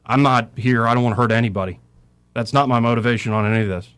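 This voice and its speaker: Clear and resonant, a bit bright, this mid-range male voice holds a steady tone at a quick pace. The speaker is a middle-aged man preaching on talk radio, citing scripture with passion as his voice climbs and drops.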